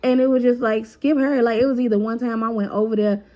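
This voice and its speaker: A woman's voice: a little high, fast, lo-fi sound. Casual woman telling a story. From Chicago. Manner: lively, profane, acts out others' lines in voices. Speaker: storyteller vlogger.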